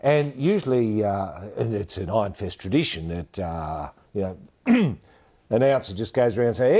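Deadpan Australian male co-host, rambling with fillers, dark mellow tone. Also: lowish voice, normal speed. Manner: rambling, hesitant, lots of fillers. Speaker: comedy co-host. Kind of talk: deadpan mock sports commentary.

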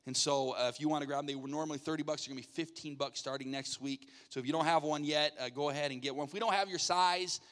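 A man pastor runs a light game from the stage, teasing and coaxing volunteers with quick asides. His voice sits a little high. The sound carries the long reverb of a church sanctuary. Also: steady tone, fairly bright tone. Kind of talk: playful audience hosting from the stage.

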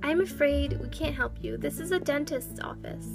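A woman's voice: sits high, normal speed, creaky. A young woman voicing a polite, prim dental office worker in a toy pet skit. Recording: music playing underneath.

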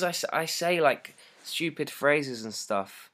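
A teenage boy with a British accent hosts a casual livestream for his fans. He reads their comments aloud in an excitable, rambling, jokey way, over a laptop mic. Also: a little high, takes it slowly. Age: teens. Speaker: singer hosting a fan livestream. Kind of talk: casual livestream chat reading fan comments.

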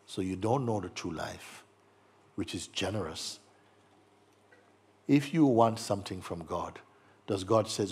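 A man giving a gentle spiritual talk to an audience, playful and teasing, acting out little voices and laughing as he speaks. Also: fairly low pitch, a little slow, long pauses, slightly rough. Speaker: spiritual teacher.

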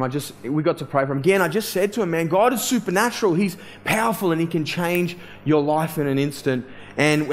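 Male pastor, slightly high voice, chatty sermon storytelling, loose and full of fillers. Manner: casual, conversational, many fillers and restarts.

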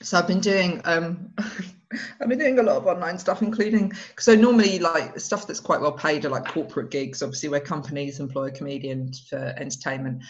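Animated woman comedian telling stories. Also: low voice, a little fast. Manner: animated storyteller, laughs often. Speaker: stand-up comedian guest. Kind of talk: casual podcast conversation. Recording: dull lo-fi podcast audio.

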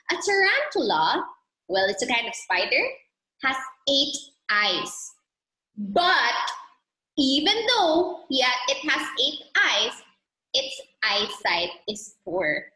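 Bright, high-voiced woman teacher, storybook read-aloud for kids, roomy video-call sound. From Philippines. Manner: animated, playful, coaxing. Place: home room, online class.

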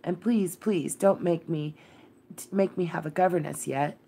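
A woman's voice: fairly low pitch, normal speed, vocal fry, mellow, slight background noise. A woman voicing a timid, thin young girl who pleads in a faltering, tremulous way. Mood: anxious.

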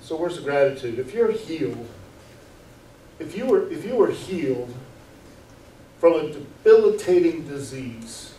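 A man's voice: fairly high pitch, very animated, a little slow, pauses often, dark tone, slight background noise. A man preaching a sermon as pastor, earnest and full of rhetorical questions, often repeating words as he goes. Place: church sanctuary. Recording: echoey room, mic far off.

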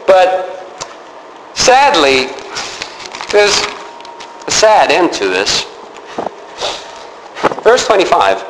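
A man preaching a sermon, lively and expressive, acting out characters in the story as he speaks. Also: high-pitched, drawn-out words, pauses often, slight background noise. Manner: animated, acts out biblical characters with changing voice. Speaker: pastor. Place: church sanctuary. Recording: echoey church hall, faint ambience.

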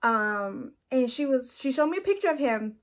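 A woman's voice: high-pitched, lively intonation, moderate pace. A young woman telling a story on her vlog in a chatty, casual way, laughing often and saying "like" a lot. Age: young adult. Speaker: vlogger.

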